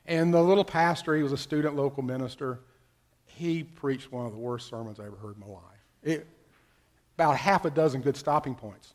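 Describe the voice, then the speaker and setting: A middle-aged male pastor preaching a sermon, telling a personal story with wide swings between loud bursts and hushed, near-whispered passages. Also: mid-range voice, fairly quick.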